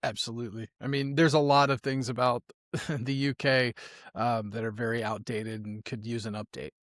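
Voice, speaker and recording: A man hosting a podcast interview, easygoing, with quick laughs as he asks his questions. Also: mid-range voice, little pitch movement, fairly bright tone, dry recording, studio quality. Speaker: podcast host.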